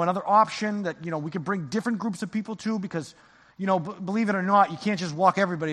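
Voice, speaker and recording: A man's voice: high voice, a bit bright. A man preaching an impassioned sermon as pastor in a church sanctuary. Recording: long church reverb.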